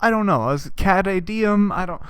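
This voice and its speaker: A young man hosting a podcast, delivering an absurd, deadpan comic monologue that he keeps punctuating with "right?". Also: high voice, normal speed, clear, resonant tone, dry recording. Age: young adult. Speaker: podcast host.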